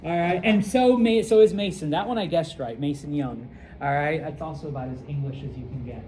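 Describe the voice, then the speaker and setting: A middle-aged man from the United States teaching a casual classroom lesson, rambling with lots of fillers and quick check-ins. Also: on the high side, mellow, slight background noise, rough recording. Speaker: Spanish teacher.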